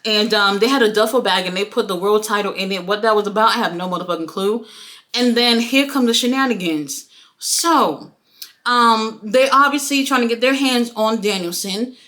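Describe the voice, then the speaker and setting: A woman's voice: mid-range voice, normal speed. A woman giving a casual, profane wrestling review, acting out the quotes. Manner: animated, profane, acts out quotes.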